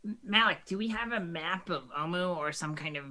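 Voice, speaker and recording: A woman's voice: on the low side, brisk, sharp tone. A woman playing a tabletop game, speaking hesitantly with many fillers. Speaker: player. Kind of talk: tabletop role-play chat.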